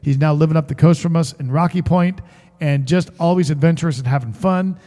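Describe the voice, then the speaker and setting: A man's voice: a little high, fairly quick, dark tone. Guy hosting a music livestream, jokey and chatty, voice rings out in a long reverb. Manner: chatty, joking, greets viewers by name. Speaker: musician and livestream show host. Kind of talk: casual chat with viewers.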